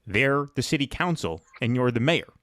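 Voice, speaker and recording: A man's voice: mid-range voice, lively intonation, moderate pace, a bit bright, dry recording, clean studio sound. Blunt opinionated male podcast host. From New York City area. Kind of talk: casual political podcast chat.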